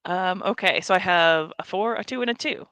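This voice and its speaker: A woman's voice: lowish voice, brisk, fairly bright tone, clear, resonant tone, no room sound. Woman player, casual chat, giggly, dry close mic. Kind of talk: casual chat at a tabletop game.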